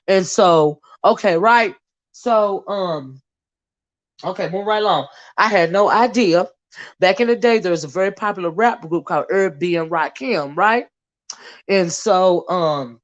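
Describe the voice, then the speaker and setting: A woman's voice: lowish voice, highs cut off. A woman hosting a casual live stream about a movie. She rambles and chats with viewers, fills her talk with "you know", and calls listeners "child" and "honey". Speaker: movie reviewer and channel host.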